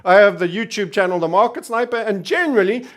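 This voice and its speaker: A man hosting energetic market commentary, theatrical and cheery yet sardonic and doom-laden. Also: sits high, fast talker. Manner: theatrical, energetic and cheery, self-styled entertainer.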